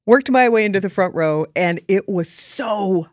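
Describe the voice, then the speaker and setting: A woman's voice: medium pitch, unhurried, no echo, clean studio sound. A woman reporter giving a chatty, enthusiastic recap on air. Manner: chatty and enthusiastic, lively quoted voices. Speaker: radio or TV reporter.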